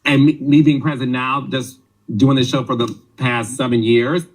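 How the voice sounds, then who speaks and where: Male host, mid-range voice, measured moderator. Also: mid-range voice, fairly even intonation, low-quality recording. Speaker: reunion host. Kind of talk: moderating a reunion.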